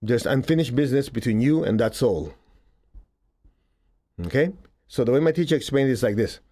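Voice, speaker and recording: Mellow-voiced man giving a spiritual talk. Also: medium pitch, lively intonation, a little fast. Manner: conversational, laughs often, acts out quotes. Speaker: spiritual teacher. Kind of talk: casual spiritual talk to an audience.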